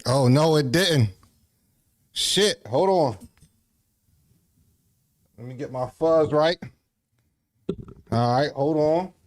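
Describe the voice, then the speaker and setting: A man's voice: a little high, slow pace, pauses often. A man hosting a casual livestream, out of breath, talking in a loose, profane, rambling way with lots of restarts. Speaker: livestream host.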